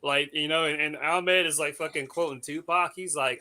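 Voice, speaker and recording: A man's voice: a little high, normal speed. A man co-hosting a casual chat show, telling stories with slang and laughing often. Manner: animated storyteller, laughs often; coarse slang. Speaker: podcast co-host.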